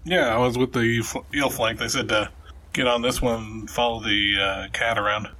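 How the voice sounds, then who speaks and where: A man playing a tabletop game, talking in a relaxed, unhurried way. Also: mid-range voice, slight background noise. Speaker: player.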